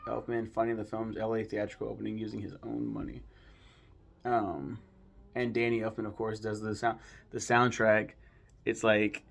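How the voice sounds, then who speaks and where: A man's voice: mid-range voice, gravelly. A man casually reviewing a film, rambling with lots of fillers and frequent swearing.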